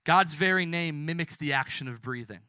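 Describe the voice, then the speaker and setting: High, bright-voiced impassioned young preacher man. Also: normal speed, no echo, clean studio sound. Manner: impassioned, swinging between soft hushed lines and loud emphatic ones; casual, self-correcting asides. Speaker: youth pastor. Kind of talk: sermon and closing prayer.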